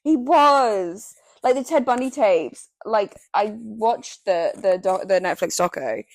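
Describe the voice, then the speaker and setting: A woman's voice: mid-range voice, lively intonation, slow, no echo. Young female co-host, loose chatty delivery, dry recording. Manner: rambling, heavy on "like", swears freely. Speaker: podcast co-host. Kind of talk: casual chat.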